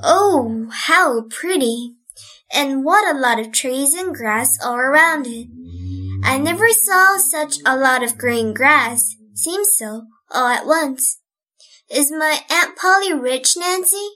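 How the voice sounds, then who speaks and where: A woman's voice: sits high, animated, slow, bright, forceful tone, exaggerated voice. A woman reading an audiobook, voicing a cheerful, chatty orphan girl who talks eagerly. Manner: eager, chatty, wide-eyed. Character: earnest cheerful orphan girl, about eleven.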